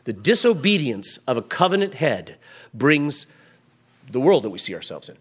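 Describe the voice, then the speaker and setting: A man preaching a sermon into a microphone, building from quiet explanation to raised, emphatic passages. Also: medium pitch, big pitch swings, moderate pace, breathy edge. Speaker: pastor. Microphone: microphone at a pulpit.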